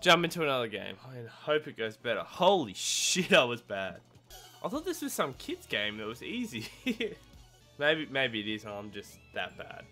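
Gamer host, loud and jumpy, sharp bright voice, pitch leaping all over, cursing at their own mistakes. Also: normal speed, faint music behind. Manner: excitable, yelps and shouts at the game; swears and mocks own skill. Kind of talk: let's-play gameplay commentary.

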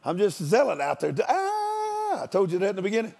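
A man's voice: sits high, huge pitch swings, fairly quick, vocal fry, a little mellow. An older man, a guest preacher, giving a storytelling sermon in a folksy, joking country manner.

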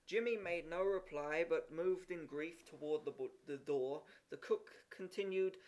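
A man's voice: fairly high pitch, normal speed, few pauses. A man reading a story aloud, with occasional slips and restarts. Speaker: reader. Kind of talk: amateur audiobook reading.

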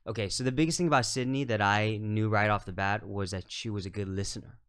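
A man with a fairly low voice talks through his craft in a loose, unhurried podcast chat. His speech is thoughtful and full of "you know" and "like". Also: steady tone, a bit bright, clear, resonant tone. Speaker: film director guest.

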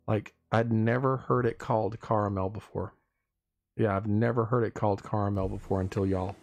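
Gravelly, low-voiced man chatting on a live stream. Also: fairly even intonation, moderate pace, a little mellow, no room sound. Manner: rambling, playful, laughs often, stumbles and repeats words. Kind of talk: casual live-stream chat with viewers.

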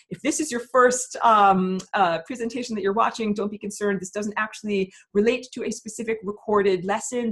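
Woman, webinar teacher, impassioned rant, hesitant and filler-heavy, mid-pitched. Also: breathy edge. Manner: emphatic, hesitant with many fillers.

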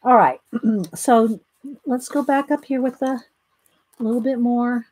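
A woman from the Southern United States hosts a casual live coloring session, greeting viewers by name, laughing easily and reading the steps out between her own chatter. Her voice is fairly high, slow and darkish, in a dry recording.

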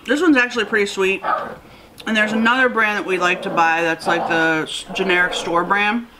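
Freshly awake and filming at home, a woman hosts a laid-back eating vlog, chatting to the camera in a rambling way full of fillers as she eats. Her voice is medium-pitched and steady at a moderate pace, recorded on a camera mic with background noise.

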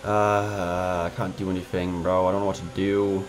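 A man's voice: low voice, little pitch movement, moderate pace, slight background noise. A man giving casual gameplay commentary, frustrated, swearing and trash-talking his rivals. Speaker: gamer.

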